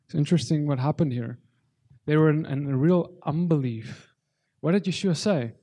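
A man delivers a conversational sermon, earnest and searching, often stopping and restarting his sentences. His voice sits a little high for a man, yet it sounds mellow and warm rather than bright. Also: normal speed. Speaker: preacher.

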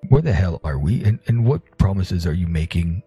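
A man playing in a tabletop game, talking gruffly. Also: deep voice, animated, moderate pace, mellow, faint music behind. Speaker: player.

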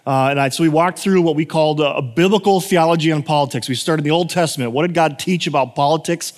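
A man gives a sermon to his congregation in an easygoing, conversational way, stopping to fix his own slips. His voice sits a little high for a man and rises when he stresses a point. The sound carries a long reverb from the church hall. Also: quick pace. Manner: casual, self-correcting, emphatic at points. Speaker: pastor.

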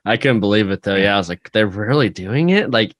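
A man's voice: on the low side, lively intonation, brisk, fairly bright tone, no echo, clean studio sound. A man co-hosting a podcast, rambling in casual chat and filling his talk with "like". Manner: rambling, heavy use of "like". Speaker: podcast co-host.

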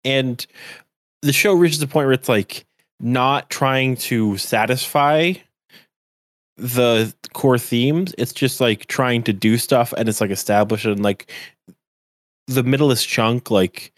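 A man's voice: medium pitch, takes it slowly, no echo, studio quality. A man co-hosting a podcast, chatting casually and rambling with many "like" fillers. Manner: rambling, heavy use of "like" fillers. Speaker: podcast co-host. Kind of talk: casual chat.

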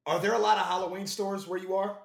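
A man's voice: high voice, level tone, fast talker, gravelly. Profane, rambling young man in an echoey room. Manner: profane, rambling, says bro and yo. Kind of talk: casual chat.

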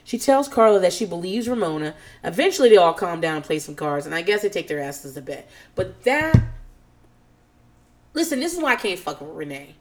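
Over soft background music, a podcast host casually recaps a reality show, talking quickly and loosely, swearing often, and saying she's a nervous, on-edge person. Her animated delivery veers from low mutters to high, squealing mock quotes of the people she describes.

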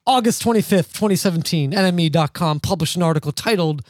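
A man's voice: high-pitched, fast, a little mellow, no echo. Sardonic rambling male podcast host. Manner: sardonic, rambling, laughs often. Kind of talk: casual podcast chat.

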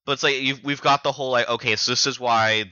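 A man's voice: medium pitch, fairly even intonation, fast talker, sharp tone, smooth, no echo, muffled recording. A man co-hosting a podcast, casually recapping chapters in a rambling way with lots of fillers and restarts. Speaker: podcast co-host.

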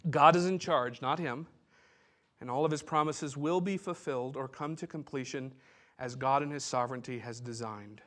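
A man's voice: medium pitch, moderate pace, fairly bright tone. A man pastor giving a sermon, teaching in a conversational way with asides and restarts.

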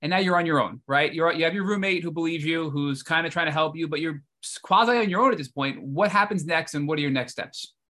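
Male podcast interviewer; bright, fairly high voice; engaged, recaps and questions. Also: fast. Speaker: podcast host.

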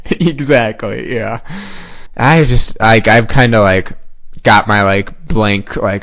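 A man's voice: lowish voice, fairly even intonation, measured pace, fairly bright tone. A young man telling a rambling story in casual podcast chat, full of filler words and swearing. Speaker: podcast co-host. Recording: dull lo-fi podcast audio.

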